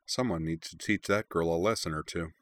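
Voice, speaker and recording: A man voicing a blunt, protective young woman who speaks gruffly. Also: sits low, a little fast, no echo, lightly acted.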